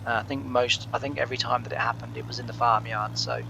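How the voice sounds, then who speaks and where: A man's voice: medium pitch, steady tone, fast, vocal fry, noisy background. A man hosting a farming game let's play from his living room, chatting casually with lots of fillers and chuckles. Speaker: gaming channel host.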